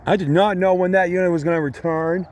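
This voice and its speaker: A man filming trains trackside outdoors, talking casually and excitedly, repeating himself and calling out locomotive numbers. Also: high voice, quick pace. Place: outdoors beside a railway line. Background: passing train, outdoor noise.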